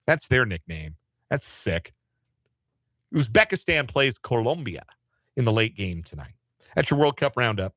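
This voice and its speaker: A male sports radio host running through the day's scores with a bright, forceful voice. He talks loosely, cracking jokes and correcting himself as he goes. The sound is dry and close on a studio mic. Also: mid-range voice, sing-song, unhurried, long pauses, no echo. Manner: loose, joking, with asides and self-corrections. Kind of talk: sports radio headlines roundup.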